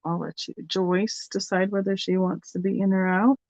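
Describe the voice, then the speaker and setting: A woman's voice: mid-range voice, flat delivery, normal speed, darkish tone, no echo. Woman, live sale host, casual auction chat, rambling, dry close recording, slightly dull audio. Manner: chatty, rambling, thinking aloud while handling items.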